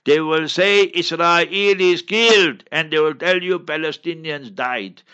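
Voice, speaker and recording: Man, mufti, Q&A lecture, emphatic, instructive, forceful tone, muffled lo-fi sound. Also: fairly high pitch, a little slow, clear, resonant tone. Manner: emphatic, instructive, repeats key points. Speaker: mufti answering listener questions. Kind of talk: radio Q&A lecture.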